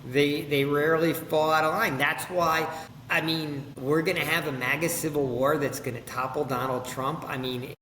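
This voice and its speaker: A man's voice: on the high side, fairly even intonation, moderate pace, bright, forceful tone. Man, co-host, skeptical, questioning, casual political chat, roomy echo, faint background noise. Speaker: podcast co-host. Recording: echoey room with long reverb, faint noise.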